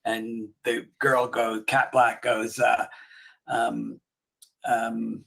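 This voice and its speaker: A man's voice: mid-range voice, flat delivery, takes it slowly, gravelly, fairly bright tone. A man co-hosting a casual chat who rambles through a comedy retelling, laughing often and acting out the lines. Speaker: podcast co-host.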